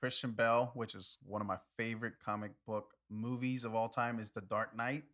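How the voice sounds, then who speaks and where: A man's voice: on the low side, steady tone, brisk, a bit bright. A man co-hosting a casual podcast with his wife, talking in an enthusiastic, rambling way with lots of fillers and restarts. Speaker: podcast co-host. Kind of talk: casual chat.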